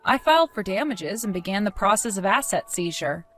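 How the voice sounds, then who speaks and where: A woman speaks in a calm, cold and accusing tone as a wronged fiancée in a dramatized story. Her pitch sits in an ordinary middle range. Faint music plays behind her. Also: brisk.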